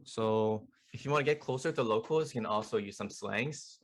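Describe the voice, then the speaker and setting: A man's voice: lowish voice, normal speed. A young man casually teaching a beginner language lesson as a student club tutor, chatty and loose with lots of fillers. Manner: relaxed, chatty, many fillers like "like" and "you know".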